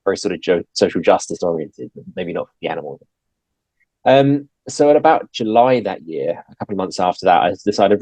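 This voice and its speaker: A man's voice: low-pitched, animated, a little fast, darkish tone, dry recording, rough recording. A man, a podcast guest telling his story in casual talk, hesitant with many fillers and restarts. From England.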